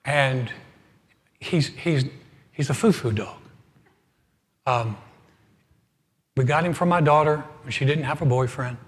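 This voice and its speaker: Storytelling pastor in a reverberant hall. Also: male voice, mid-range voice, a little slow, pauses often. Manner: storytelling, animated, swings from loud to soft. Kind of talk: humorous sermon.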